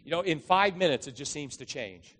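In church, a pastor with a slightly high, animated and fairly bright voice gives a brisk sermon to his congregation. It's conversational and story-driven with emphatic rises, and a long reverb tail trails his words.

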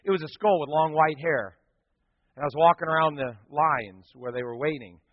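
A man with a high-pitched voice preaches a sermon as pastor, acting out a story with animated delivery. The sound is somewhat dull and muffled, with a long reverb tail from a large hall, though the voice itself sits close and dry. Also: normal speed.

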